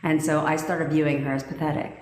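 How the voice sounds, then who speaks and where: A woman's voice: low-pitched, little pitch movement, a little fast, a little hiss or hum. A sassy, foul-mouthed woman, a manifestation coach, telling a personal story in a casual livestream and laughing as she goes. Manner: brash, profane and sassy. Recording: echoey room with long reverb.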